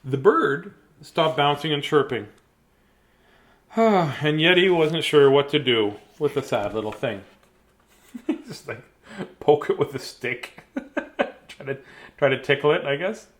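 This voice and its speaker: Slowly and with frequent pauses, a man reads a bedtime picture book on a live stream in a fairly high, expressive voice. Between lines he breaks off for chatty asides and chuckles.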